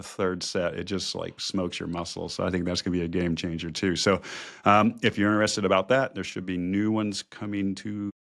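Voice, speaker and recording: A man's voice: on the low side, creaky. A middle-aged man hosting a podcast, casual and chatty with plenty of "um"s. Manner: relaxed, chatty, many fillers. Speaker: podcast host.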